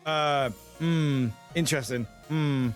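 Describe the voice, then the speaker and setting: A slow, pondering voice murmurs its thoughts, drawing each sound out, put on by a man. It sits a little high, and faint music plays behind it. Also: fairly even intonation.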